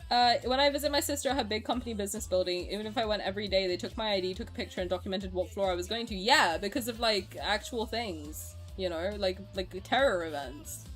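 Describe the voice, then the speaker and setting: This is a woman streamer in casual conversation with her chat. She is excitable and swears freely, and she laughs easily. Her voice sits in an ordinary middle pitch, with faint music running underneath. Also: fast, hardly any pauses. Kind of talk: casual live-stream chat, reacting to viewer comments.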